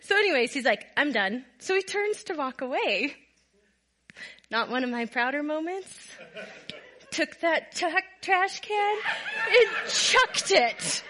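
A woman's voice: high-pitched, slow, slight background noise. A middle-aged woman telling a funny story to her viewers, often breaking into laughter as she goes. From Minnesota. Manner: laughs often while telling stories, animated. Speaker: storyteller vlogger. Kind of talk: casual storytelling to camera.

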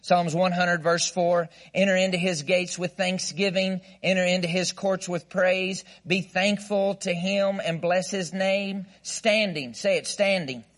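High-voiced, playful preaching man. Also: fairly even intonation, unhurried, hardly any pauses, fairly bright tone. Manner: playful, emphatic preaching with call-and-response and mock laughter. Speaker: guest pastor. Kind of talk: sermon.

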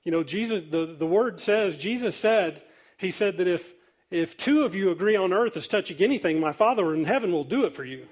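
A man's voice: sits high, animated, brisk. A man preaching a sermon as pastor, telling stories in a loose, conversational way with easy laughter. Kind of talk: sermon storytelling.

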